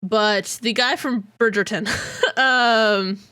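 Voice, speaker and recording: Speaking slowly in a slightly high, bright voice, this podcast co-host rambles through casual chat full of fillers. Her tone is forceful yet smooth, captured as clean studio audio with no room sound.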